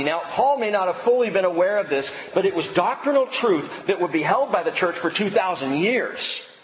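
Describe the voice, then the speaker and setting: Animated preaching man in an echoey hall. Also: high voice, moderate pace. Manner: emphatic preaching, dropping to quiet intensity. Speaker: pastor. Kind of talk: sermon. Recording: echoey hall with long reverb.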